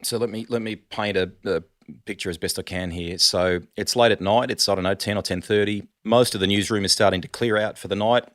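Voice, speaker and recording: A middle-aged Australian man telling animated stories in a casual podcast chat, calling the host "mate" a lot. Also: lowish voice, brisk, no room sound, studio quality. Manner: animated storyteller, says "mate" often. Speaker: sports broadcaster, guest.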